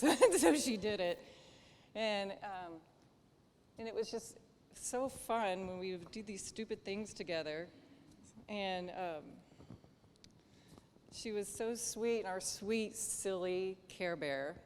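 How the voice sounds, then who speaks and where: A woman's voice: medium pitch, a little hiss or hum. Nervous woman giving a heartfelt toast in a hall. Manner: sentimental, laughing between stories. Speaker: wedding toast speaker, family of the bride. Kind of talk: emotional rehearsal dinner toast. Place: dinner hall.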